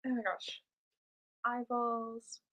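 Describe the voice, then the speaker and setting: A woman's voice: a little high, little pitch movement, slow pace, sharp tone. A young woman chatting casually while drawing on a live stream, playfully talking to herself and to chat.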